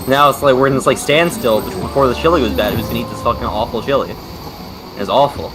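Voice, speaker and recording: A man's voice: mid-range voice, fast talker. A young man chatting casually, telling a profane, rambling story full of fillers. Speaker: streamer. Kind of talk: casual chat. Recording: noisy background.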